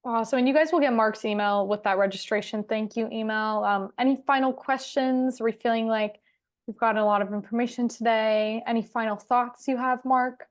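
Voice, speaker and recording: A woman hosting an online seminar, moderating in an upbeat, brisk way. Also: fairly high pitch, fairly even intonation. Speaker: seminar host.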